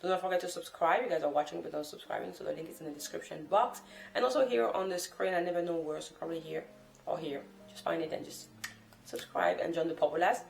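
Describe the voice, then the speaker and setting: Low-voiced chatty woman vlogging to camera. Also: fast talker, vocal fry, roomy sound. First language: not English. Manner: rambling, chatty, self-correcting. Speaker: language-learning vlogger. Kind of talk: unscripted casual talk to camera. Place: sitting on the floor in a room at home. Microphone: camera mic.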